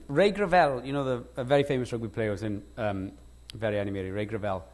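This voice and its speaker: A Welsh actor in an on-stage conversation, telling lively anecdotes with frequent laughs and restarts. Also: male voice, on the low side, fairly quick. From Wales. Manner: animated anecdotes, laughs often, self-interrupting restarts. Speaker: guest actor. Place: lecture stage before an audience.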